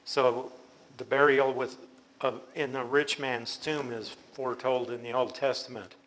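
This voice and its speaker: Leading a Bible study, this man speaks in a medium pitch with a flat, slightly bright delivery, and there's a little background noise. His explanations are patient and unhurried, and he often starts his sentences over.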